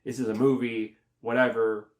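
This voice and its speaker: A man talks through a movie review in a loose, rambling way, with plenty of fillers and restarts. His voice sits at an ordinary middle pitch. It jumps higher when he acts out his own reactions. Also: level tone, moderate pace. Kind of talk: casual spoken review.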